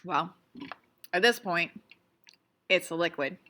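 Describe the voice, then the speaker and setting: A woman's voice: mid-range voice, expressive, normal speed, pushed and bright. A woman teaching a casual science lesson on video, playful and chatty, asking lots of questions and sometimes talking with her mouth full. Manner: talks with her mouth full while eating.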